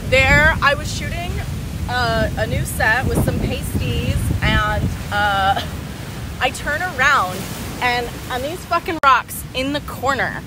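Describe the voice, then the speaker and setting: A woman's voice: high-pitched, animated. A woman vlogging outdoors on a beach, talking heatedly and profanely into a handheld phone camera. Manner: heated, profane, fast ranting. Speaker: travel vlogger. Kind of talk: angry vlog to camera. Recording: loud outdoor background noise.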